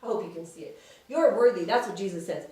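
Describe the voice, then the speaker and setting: A woman's voice: medium pitch, distant mic. Woman teaching kids in an echoey church. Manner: gentle, slow, speaks simply to children and asks them questions. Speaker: children's Sabbath school teacher. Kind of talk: children's lesson.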